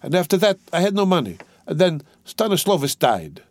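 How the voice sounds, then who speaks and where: A man's voice: a little high, big pitch swings, fairly quick, no echo, pitched above the performer's own voice. A man reading aloud, voicing a weary, desperate young woman in a raised, pleading tone. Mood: strained.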